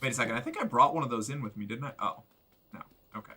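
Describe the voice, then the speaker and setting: A man streaming a game, giving excitable, joking commentary with crude humor. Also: medium pitch, very fast, husky. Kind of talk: gameplay commentary.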